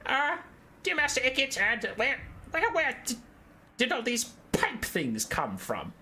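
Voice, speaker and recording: Man putting on a timid ratman soldier, high squeaky voice, stammering, nervous. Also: huge pitch swings, unhurried, bright, forceful tone, exaggerated voice.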